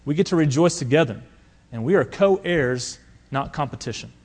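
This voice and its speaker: A male pastor preaching a sermon, swinging between loud emphatic appeals and quiet asides. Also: on the high side, animated, normal speed.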